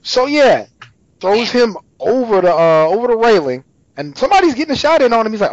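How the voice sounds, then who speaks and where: A man co-hosting a casual chat and animatedly retelling scenes from a TV episode, with quick voices for the characters. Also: high voice, sing-song, dry recording. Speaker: podcast co-host recapping a TV episode. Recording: dull lo-fi recording.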